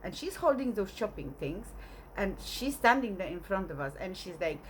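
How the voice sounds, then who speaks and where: A woman's voice: mid-range voice, moderate pace, a little hiss or hum. A woman casually telling a long, rambling story with lots of fillers. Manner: rambling, animated, full of fillers.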